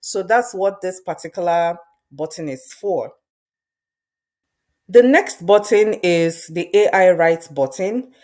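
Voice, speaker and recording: Low-voiced woman talking through a software demo. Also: takes it slowly. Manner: conversational, thinks aloud with fillers and restarts. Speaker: presenter demonstrating software. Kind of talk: screen-recorded tutorial.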